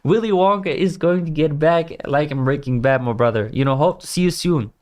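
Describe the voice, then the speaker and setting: A man with a slightly high voice hosts a trading livestream at a brisk pace, chatting loosely and reading viewer comments. His speech is full of "like" fillers, and he calls his viewers brother.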